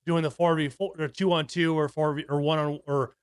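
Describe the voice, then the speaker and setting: Telling stories on a laid-back podcast he co-hosts, this man in his thirties rambles, curses, and keeps restarting. His voice sits on the high side with a level tone, moderate pace, and clean sound free of echo.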